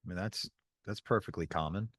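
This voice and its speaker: A man's voice: deep voice, fairly quick, a bit bright, husky, no echo, studio quality. A man co-hosting a podcast, easygoing and friendly, mostly giving short replies and asking questions. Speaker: podcast co-host. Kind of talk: casual podcast chat.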